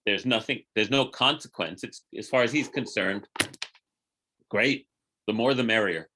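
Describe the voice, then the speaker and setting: A man's voice: on the low side, measured pace. Rabbi, middle-aged man, storytelling teacher; conversational, acts out the characters. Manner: animated storyteller, acting out quotes in lively voices. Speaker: rabbi teaching a Torah class. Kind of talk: informal Torah teaching.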